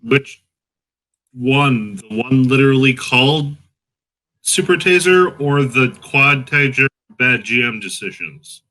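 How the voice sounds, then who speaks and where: A man playing a tabletop game who gives dry, deadpan answers about his weapons. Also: medium pitch, takes it slowly, low-quality recording. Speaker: player. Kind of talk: casual game chat.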